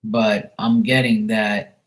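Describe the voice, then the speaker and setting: Casual low-voiced man reading tarot live. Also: level tone, slow. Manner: loose, profane, chatty, laughs often. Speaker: tarot reader.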